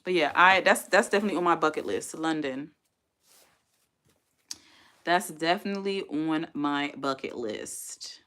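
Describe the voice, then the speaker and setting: A woman chats loosely with her live viewers and reads their comments aloud. Her voice sits a little low, and she talks in an easygoing, rambling way. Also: measured pace, long pauses, sharp tone. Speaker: livestream host. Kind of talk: casual live-stream chat.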